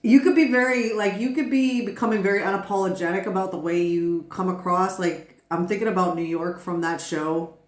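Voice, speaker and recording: A woman's voice: lowish voice, fairly even intonation, a little fast, few pauses, echoey room. A woman giving a casual tarot reading who rambles, laughs often and swears freely. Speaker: tarot reader.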